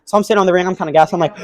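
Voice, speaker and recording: This is a young man with a fairly high voice, talking quickly in a casual interview. He tells his story in an animated way and plays out the voices of the people in it. He sounds like a boxer recounting a sparring session. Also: no echo, low-quality recording. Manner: animated, acts out quotes of others while telling a story. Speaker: boxer and guest.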